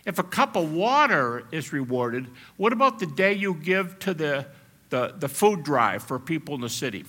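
A man preaching a sermon as pastor, animated and at times shouting as he acts out quotes. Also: fairly high pitch, moderate pace.

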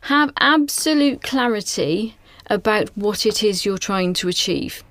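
A woman's voice: mid-range voice, lively intonation, measured pace, a bit bright, no echo. A woman giving earnest, reflective advice to school leaders, often asking rhetorical questions. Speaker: national director of school inspections. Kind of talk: advisory conversation.

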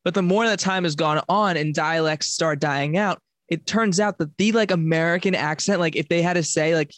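A man's voice: on the high side, moderate pace, a bit bright, dry recording. Chatty man, mild Long Island accent. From Long Island, New York. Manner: rambling, filler-heavy, self-correcting. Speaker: podcast co-host. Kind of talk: casual chat.

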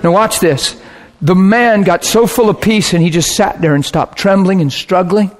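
Animated male preacher telling a story. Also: high voice, moderate pace. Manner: animated, bursts into shouting and laughter. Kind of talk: sermon storytelling.

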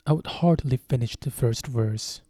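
A man's voice: mid-range voice, normal speed, dark tone, husky, no room sound, studio quality, close to an everyday voice. A man reading the Hatter, a quibbling odd fellow. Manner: quibbling, mournful at times. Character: the Hatter, eccentric argumentative tea-party host. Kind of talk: storybook reading.

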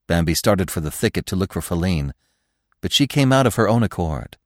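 A man's voice: sits low, animated, brisk, no echo, studio quality. A man narrating a classic children's story expressively as a podcast host. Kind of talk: audiobook narration.

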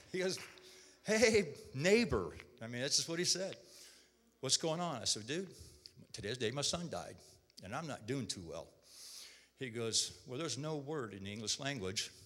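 Brief: male testimony speaker, tense bright voice, emotional retelling with quoted dialogue, long hall reverb. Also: mid-range voice. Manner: emotional, repeats words, quotes others in dialogue. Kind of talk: personal testimony.

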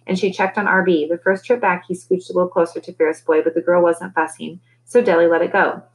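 A woman teacher reading a novel aloud to her class, relaxed, with conversational asides between chapters. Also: lowish voice, quick pace, low-quality recording.

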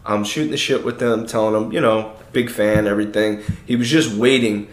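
A man's voice: lowish voice, a little fast. Man in his thirties, echoey room. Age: 30s. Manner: animated storyteller, swears freely. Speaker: podcast co-host. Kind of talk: casual chat, storytelling.

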